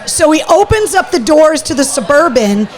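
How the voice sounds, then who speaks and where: A woman hosting a live talk show from a pub, telling a story in a quick, animated, casual way. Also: high voice, some chatter behind.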